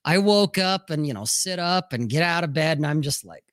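Forceful, profane storytelling man. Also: a little high, expressive, normal speed, no room sound, clean studio sound. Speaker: co-host. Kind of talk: casual chat.

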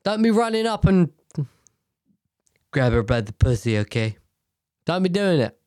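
A man's voice: fairly high pitch, big pitch swings, a little slow, pauses often, darkish tone, no room sound, studio quality. A man giving a blunt, profane, rambling rant about politics.

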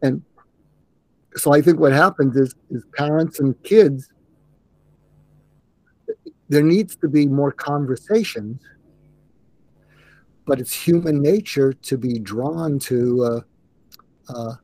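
Older male guest, mid-pitched, earnest and halting, dry close sound. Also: a little mellow, no room sound. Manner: earnest, halting with restarts and fillers. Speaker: interview guest, psychiatrist. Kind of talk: conversational interview.

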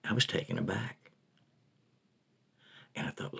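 An older man, a prison ministry volunteer, tells personal stories in an interview in a folksy, animated way. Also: sits low, measured pace, husky.

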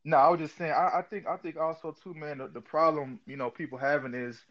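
A man's voice: a little high, steady tone, fast. A man hosting a podcast, chatting in a laid-back way with lots of fillers. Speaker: podcast host. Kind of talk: casual chat. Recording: dull lo-fi audio.

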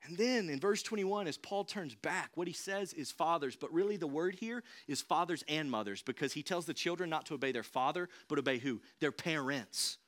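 A man's voice: on the high side, animated, brisk, hardly any pauses, a bit bright. A young adult man preaching a sermon in a conversational, emphatic and direct way, as the church's pastor.

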